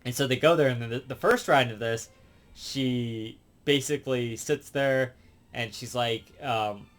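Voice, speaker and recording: A man's voice: mid-range voice, a little slow. A man with a mid-range voice talks through a cartoon episode in a loose, rambling way. He keeps stopping to restart and correct himself, and leans on "like" and "um". Faint music sits underneath his voice. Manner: rambling, full of fillers and self-corrections. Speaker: show reviewer. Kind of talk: casual rambling episode recap.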